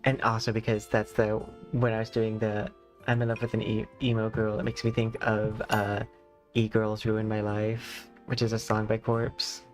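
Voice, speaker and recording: A man's voice: lowish voice, completely flat delivery, normal speed, soft background music. A man with a lisp, talking in rambling, casual stream chat full of fillers as the host. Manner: rambling, filler-heavy, chatty.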